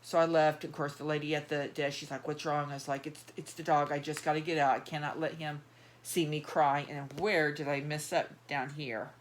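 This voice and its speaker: A woman's voice: low voice, flat delivery, moderate pace, a little hiss or hum. A middle-aged woman, chatting in a rambling, casual way, full of fillers and restarts, while she handles dolls. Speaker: doll collector vlogger.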